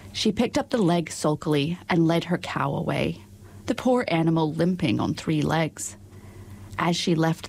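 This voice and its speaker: A woman narrating a storybook in a measured, expressive reading voice. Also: sits low, gravelly, husky.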